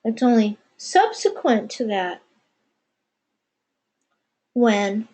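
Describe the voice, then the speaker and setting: A woman channeling spiritual teachings, speaking of herself as "we". Her voice sits a little high, yet its tone is mellow and dark. She talks very slowly, with long pauses between short phrases. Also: poor audio. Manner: measured, pausing often, speaks as "we". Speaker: channeler answering questions. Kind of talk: slow meditative spiritual channeling.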